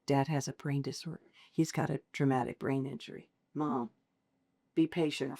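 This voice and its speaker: A middle-aged woman, a podcast guest, telling a personal story with feeling, laughing often and acting out the dialogue. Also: on the low side. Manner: expressive, laughs often, acts out quoted dialogue.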